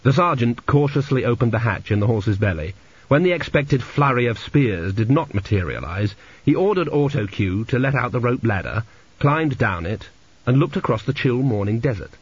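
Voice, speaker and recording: Man reading a storybook aloud, dry and measured, husky voice, dull lo-fi sound, dead dry room. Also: mid-range voice, expressive. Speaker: audiobook narrator. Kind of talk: scripted narration.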